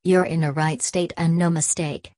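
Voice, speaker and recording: A woman voicing a gruff but kindly male London cab driver who talks in a blunt, matey way. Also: low voice, steady tone, normal speed, warm tone, no room sound, lightly acted. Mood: concerned.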